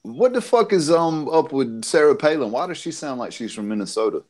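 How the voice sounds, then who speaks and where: A man's voice: fairly high pitch, big pitch swings, a little fast, darkish tone. A man hosting a casual live-stream chat, joking crudely, swearing and laughing often. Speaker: host.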